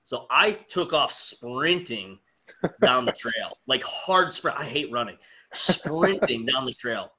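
A man hosting a casual interview, telling stories in a lively way and laughing often. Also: mid-range voice, slow, a little hiss or hum, poor audio. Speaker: host.

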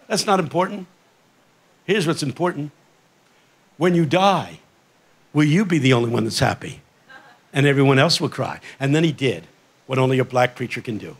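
An older man preaching a humorous, rhythmic sermon from a festival stage, imitating his congregation's shouts. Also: medium pitch, lively intonation, moderate pace, long pauses, husky. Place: outdoor festival main stage.

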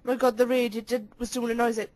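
A woman's voice: fairly high pitch, little pitch movement, fast talker, darkish tone. A young woman recording casual voice clips into a handheld mic at home, giggling, swearing and teasing playfully. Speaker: voice clip maker. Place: cold room at home.

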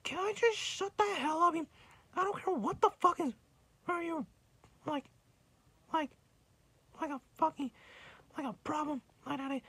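A woman's voice: high voice, a little slow, pauses often, fairly bright tone. A woman in a rambling, profane rant, full of crude insults, swearing and filler words. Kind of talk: profane ranting monologue.

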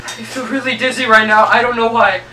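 A woman YouTuber reacting to videos, screaming, swearing and exclaiming loudly, recorded in a roomy space with the mic at a distance. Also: on the high side, steady tone, brisk.

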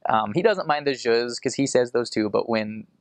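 An American man explaining casually, rambling with fillers and restarts, and slowing down to demonstrate sounds. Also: medium pitch, expressive, no room sound. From United States. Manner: demonstrates sounds slowly and carefully. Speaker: returned missionary explaining an accent.

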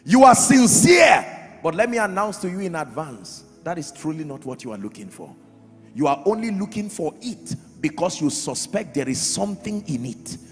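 A man preaching a sermon as pastor, emphatic, swinging from loud shouts to quiet drops. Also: a little high, sing-song, moderate pace. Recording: reverberant hall with faint music.

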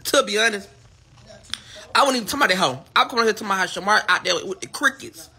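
Fast-talking husky livestream ranter. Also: medium pitch, expressive, bright, forceful tone. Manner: fast, profane, insulting rant. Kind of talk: ranting to the camera on a livestream.

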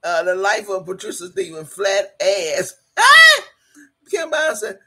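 A woman hosting a casual live stream, reading the chat out loud, swearing freely, laughing often and hollering in bursts. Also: medium pitch, wildly swooping pitch, unhurried, breathy edge. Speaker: livestream host.

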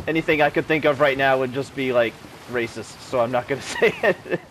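A man's voice: mid-range voice, fairly quick, hardly any pauses, a bit bright, a little hiss or hum. A man casually commenting while playing a game, joking and rambling between tasks. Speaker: let's play host.

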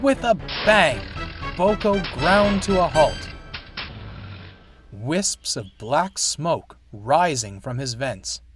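A man narrating a children's story in an expressive, unhurried way. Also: a little high. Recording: background music. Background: music.

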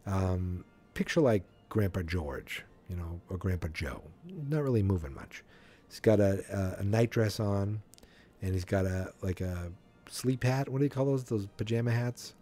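A man's voice: low voice, normal speed, warm tone, faint music behind. A man hosting a podcast, casually recapping a comic in a chatty, wry way with asides. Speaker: podcast host.

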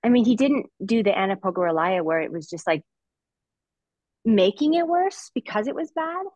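A woman's voice: mid-range voice, sing-song, normal speed, darkish tone, no echo, poor audio. A woman in her thirties, a former figure skater, talking things through reflectively as a podcast guest, with many restarts and fillers. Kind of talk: podcast discussion.

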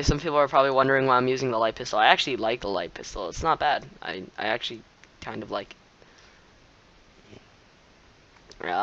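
An excitable young man commentates his own gameplay, laughing and yelling at opponents. His voice is bright and forceful, at a middle pitch. The sound is dry and close, with no room around it. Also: dry recording, poor audio.

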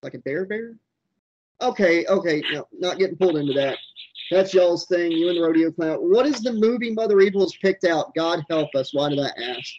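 A man's voice: high-pitched, animated, brisk, darkish tone, muffled recording. A man co-hosting a jokey, riffing movie commentary track. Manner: jokey, playful. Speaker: co-host.

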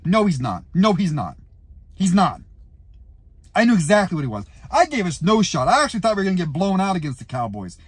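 A man rants furiously to camera as a frustrated fan, swearing and bursting into shouts. His voice sits high and swings wildly in pitch, with a husky edge. The sound is dry and close. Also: dry recording. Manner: furious, profane, ranting with shouted outbursts. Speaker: YouTuber and football fan. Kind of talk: angry fan rant to camera.

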